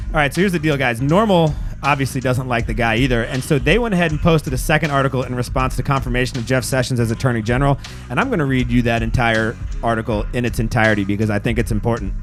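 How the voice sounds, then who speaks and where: A man hosting a podcast, reading news aloud with angry, profane asides. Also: medium pitch. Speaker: podcast host.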